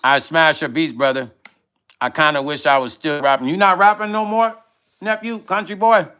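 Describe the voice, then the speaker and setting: A middle-aged man with a bright, crisp and slightly high voice chats casually on a livestream. He reads out comments in a relaxed, rambling way and laughs often as he drifts from one topic to the next. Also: normal speed. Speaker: music vlogger reading live chat.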